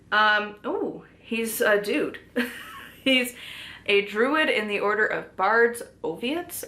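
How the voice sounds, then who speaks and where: A woman's voice: medium pitch, a bit bright. A woman chatting casually through a book haul, full of "like" fillers and small laughs. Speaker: book reviewer.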